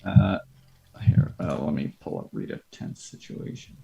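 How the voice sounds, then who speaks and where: Male player, lower voice, halting, methodical. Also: lively intonation, gravelly, mellow, husky, highs cut off. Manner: hesitant, halting with uhs. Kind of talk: casual tabletop play.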